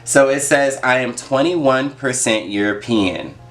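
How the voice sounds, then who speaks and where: A man's voice: mid-range voice, measured pace, a bit bright, faint music behind. A young man talking casually on his vlog, chatty and full of fillers and asides. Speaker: YouTuber.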